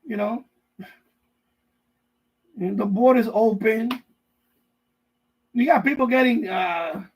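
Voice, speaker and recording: A man with a notably high, husky voice rants on his live stream. He rambles, swears freely and repeats himself while riffing in mocking voices, talking from his basement. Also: rough recording. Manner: profane, repetitive, riffing with mock voices. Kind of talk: rambling casual rant. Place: basement room.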